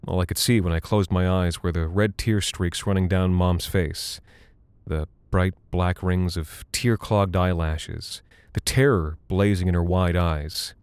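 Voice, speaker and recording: A man giving a measured, somber first-person scripted horror narration. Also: sits low, fairly even intonation, a little mellow, clear, resonant tone, dry recording. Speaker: narrator and voice actor.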